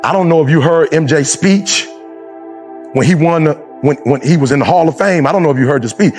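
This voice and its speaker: A man giving a motivational speech in a preacher's style, moving from low, quiet stretches to loud shouted peaks. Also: brisk, faint music behind. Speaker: motivational speaker.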